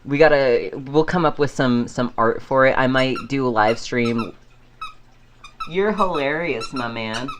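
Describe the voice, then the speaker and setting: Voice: medium pitch, fairly even intonation, normal speed, hardly any pauses, a little hiss or hum. A podcast host chatting casually on their own, rambling and laughing often. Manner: frequent fillers and restarts. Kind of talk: casual solo chat.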